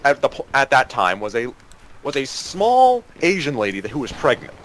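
Young man on voice chat, lively swinging pitch, faint hiss behind, storyteller. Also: normal speed. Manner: animated, acts out quoted voices. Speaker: storyteller among gaming friends. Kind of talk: casual storytelling over voice chat.

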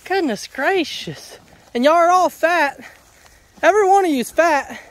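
A man's voice: extremely high pitch, normal speed, dry recording. A man, vlogging on a farm and chatting playfully to his animals outdoors. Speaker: homestead vlogger. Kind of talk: casual vlog, talking to farm animals.

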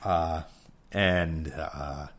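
Young new dude rambling and cussing, low voice, jokes on himself. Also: male voice, steady tone, extremely slow, fairly bright tone. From New York. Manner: rambling, swearing, self-deprecating. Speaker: podcast host. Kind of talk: comedic solo rant.

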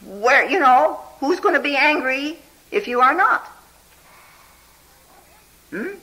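A meditation teacher's talk with a bright, keen tone and a voice that swoops freely up and down. The delivery is unhurried and chatty, full of "you know" and little questioning "huh?" prompts to the listeners. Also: high voice, very animated, low-quality recording. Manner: often checks in with listeners with "hmm?" and "huh?". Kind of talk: spiritual talk telling a Zen story.

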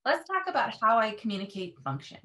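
A woman's voice: fairly high pitch, very animated, quick pace, bright, forceful tone. A woman language teacher explaining her classroom method in an earnest, emphatic way. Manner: earnest, emphatic, models repeated words.

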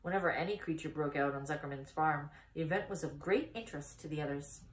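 A woman's voice: low-pitched, fast. Woman reading a children's story aloud. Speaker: story time reader. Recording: echoey room.

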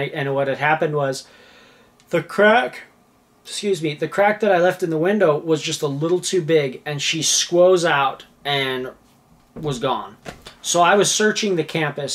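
A man telling a personal story in a casual, animated way. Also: on the high side. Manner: animated, acts out quoted voices.

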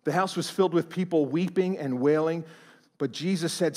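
A man, a pastor, preaching a sermon in a church, animated and swinging from hushed tones to loud emphasis. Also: on the high side, moderate pace. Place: church auditorium.

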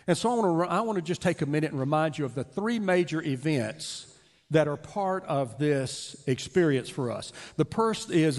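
A man pastor reading scripture and preaching a sermon in a church, earnest and emphatic. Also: on the high side. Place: church sanctuary. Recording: long hall reverb.

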